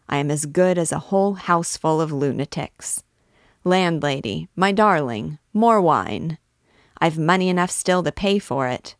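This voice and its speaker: A woman's voice: deep voice, no echo, clean studio sound. A woman reading aloud, voicing a brash, drunken young male student who boasts and swaggers. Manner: boisterous, swaggering speech.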